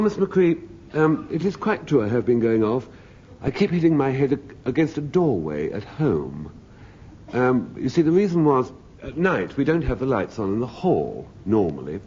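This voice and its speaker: On a radio panel show, a middle-aged male panelist with a mid-range, darkish voice tells a wry, droll comic anecdote. The studio has an audience, and the recording is a dull 1970s broadcast with faint hiss.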